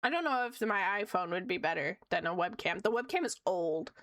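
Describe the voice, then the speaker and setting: A woman's voice: medium pitch, lively intonation, fairly quick, a bit bright, no echo, studio quality. A woman streamer chatting casually, answering chat with frequent giggles.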